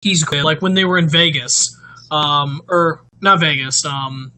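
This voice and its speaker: A man co-hosting a casual wrestling chat, quick and offhand with jokes. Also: fairly high pitch, fairly even intonation, bright, forceful tone, low-quality recording. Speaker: podcast co-host.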